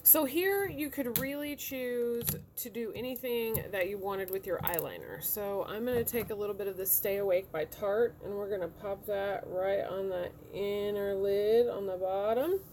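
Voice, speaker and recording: A woman in her thirties talks casually through her makeup routine step by step, chatty and easygoing. Her voice sits at an ordinary middle pitch. A faint background noise runs under the recording. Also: normal speed, few pauses, mellow. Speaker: beauty vlogger. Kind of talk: casual makeup tutorial talk. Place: home room.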